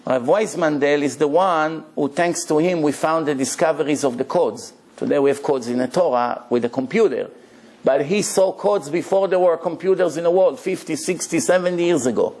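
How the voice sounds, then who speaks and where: A man delivers a Torah lecture as a rabbi, with a voice pitched a little high for a man. He tells stories with energy and keeps asking his listeners questions. His English has the grammar slips of someone who did not learn it first. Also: moderate pace. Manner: animated storytelling with rhetorical questions; non-native English grammar.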